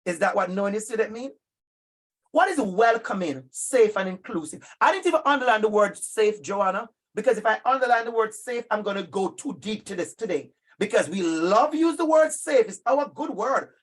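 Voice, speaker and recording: Emphatic husky man presenting. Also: sits high, normal speed. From Jamaica. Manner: emphatic, animated, calls on participants by name. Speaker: workshop presenter for educators. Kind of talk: interactive online workshop talk.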